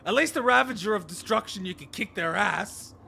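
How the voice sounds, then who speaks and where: A man reacting to a game story, ranting excitedly and swearing heavily. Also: high voice, brisk, vocal fry, a little hiss or hum. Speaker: reaction streamer.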